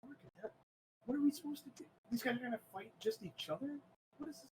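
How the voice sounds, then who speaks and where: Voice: big pitch swings, a little slow, a little hiss or hum, poor audio. A game master voicing a nervous male tournament announcer who stammers anxiously. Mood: panicked. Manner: stammering, high-pitched, anxious. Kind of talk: tabletop game character voice.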